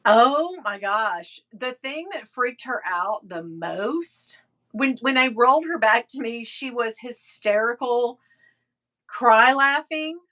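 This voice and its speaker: Bright-voiced middle-aged woman, chatty. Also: a little high, lively intonation, slow pace. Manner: chatty, storytelling, reading out viewer comments. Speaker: livestream host. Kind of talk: casual live chat.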